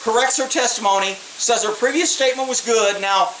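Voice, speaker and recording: A man's voice: very high voice, a little fast, fairly bright tone. A man, a former police officer, telling a story in a blunt, streetwise way and swearing freely. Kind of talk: casual storytelling. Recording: echoey room, mic at a distance, faint hiss.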